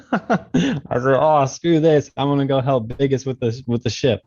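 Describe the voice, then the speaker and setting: A man's voice: medium pitch, a little slow, a little mellow. Laid-back male player, muffled sound. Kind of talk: tabletop game play.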